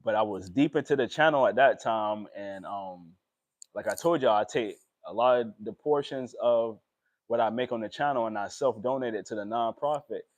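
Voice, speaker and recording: A young man, talking emotionally and haltingly in a personal vlog, with many pauses and fillers. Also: on the low side, dry recording. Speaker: vlogger.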